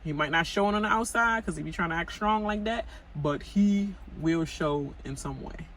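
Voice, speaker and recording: A woman's voice: lowish voice, normal speed, fairly bright tone, a little hiss or hum, low-quality recording. Gossipy woman ranting through a TV recap. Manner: gossipy and chatty, many fillers, talks straight to cast members. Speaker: TV recap vlogger. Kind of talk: casual reality-TV recap rant.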